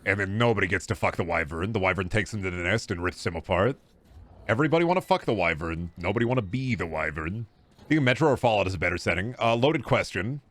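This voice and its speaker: A man's voice: low-pitched, expressive, fast. A man streaming a game, rambling and joking with chat and swearing freely. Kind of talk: casual live gameplay commentary.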